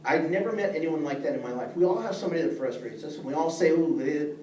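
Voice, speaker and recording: This leadership instructor talks very fast in a fairly high, slightly mellow voice with lively intonation. Earnest and plain-spoken, the middle-aged man speaks straight to his class, recorded from a distance in an echoey room with faint noise.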